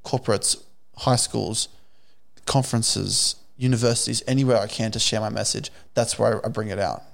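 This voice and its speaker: A man's voice: on the low side, fairly even intonation, normal speed, vocal fry. A young man, a guest motivational speaker, talking earnestly in a casual interview and often restarting his sentences.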